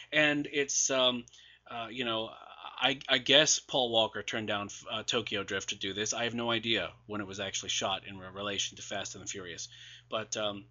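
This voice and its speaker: With a sharp, mid-range voice and clipped highs, a man casually comments on new releases for a podcast. He's losing his voice, and his talk is full of sarcasm, filler words and false starts.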